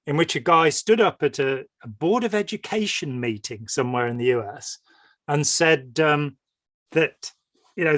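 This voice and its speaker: A man's voice: on the high side, dry recording. A man speaking as a podcast guest in a discursive, meandering way, with many ums, often acting out quotes. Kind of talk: conversational interview chat.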